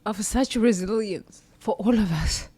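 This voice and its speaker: A woman host sharing a personal reflection while tearful, halting, with sighs and long pauses. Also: mid-range voice, mellow, husky. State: tearful, crying. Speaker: podcast host.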